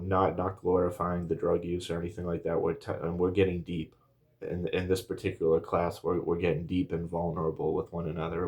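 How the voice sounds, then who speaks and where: Deep, flat-voiced man in his thirties. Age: 30s. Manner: rambling, earnest, with many fillers and restarts. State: a little emotional. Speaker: vlogger. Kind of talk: casual personal story to camera.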